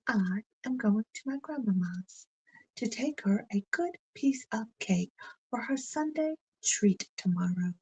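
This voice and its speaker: A trusting little girl in a red hood, chattering in an eager, sing-song way, as a woman reads her. Her voice sits well above a woman's usual pitch, soft and breathy, and it leaps up and down with feeling. The pace is unhurried. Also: expressive, lo-fi sound, heavily acted. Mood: chatty.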